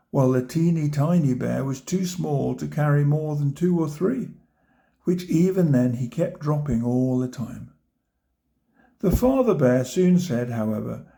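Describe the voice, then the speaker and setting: A man reads a children's picture book aloud at a very unhurried pace, stopping to point out the pictures. His voice is gravelly and mellow, sitting a touch high for a man. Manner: gentle, pointing out pictures to listeners. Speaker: storybook reader.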